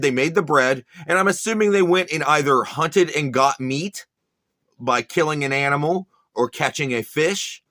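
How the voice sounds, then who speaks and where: A man's voice: mid-range voice, pushed and bright, dry recording, studio quality. A man hosting a podcast, ranting crudely and sneering at a preacher, swearing constantly. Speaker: podcast host reacting to a sermon clip. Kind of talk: profane mocking rant.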